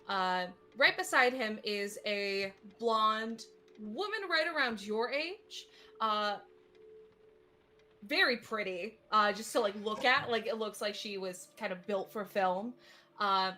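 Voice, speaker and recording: A woman's voice: mid-range voice, takes it slowly, bright, forceful tone, soft background music. A woman narrating as game master of a tabletop game, describing scenes in a chatty way with many fillers.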